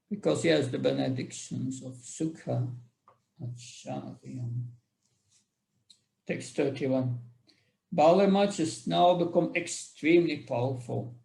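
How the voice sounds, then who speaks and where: A man with a fairly high, deeply gravelly voice reads scripture verses and explains them at a slow, halting pace. He often breaks off mid-phrase and starts again with small fillers. The recording carries a noticeable room echo. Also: a little mellow. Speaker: scripture class speaker. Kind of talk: reading and commenting on scripture.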